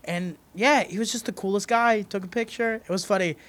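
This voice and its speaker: A man who does stand-up, chatting casually and telling a story with lots of swearing and bursts of energy. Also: high voice. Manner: animated storyteller, heavy swearing, quick shifts in loudness. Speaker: comedian. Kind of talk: casual chat.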